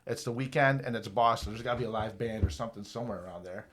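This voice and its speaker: A man in his fifties telling a long, rambling, profane story on a podcast, lively when quoting people. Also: lowish voice, racing. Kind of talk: casual storytelling.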